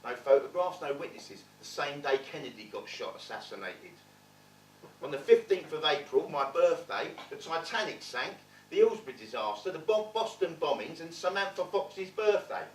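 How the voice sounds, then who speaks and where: A man performing a stage monologue, playing a streetwise man telling his rough childhood with blunt, swearing wit. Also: a little high, expressive, moderate pace, a little hiss or hum, lightly acted. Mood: wry. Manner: wry, blunt, swearing storyteller. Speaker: stage actor in a one-man play. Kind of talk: theatrical monologue storytelling. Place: theatre stage. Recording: roomy theatre, distant mic.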